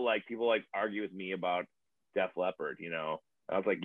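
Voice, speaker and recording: A man in his late forties talking in a rambling, excitable way, swearing freely in casual chat. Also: sits low, fast talker, no echo. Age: late 40s. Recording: tinny phone line.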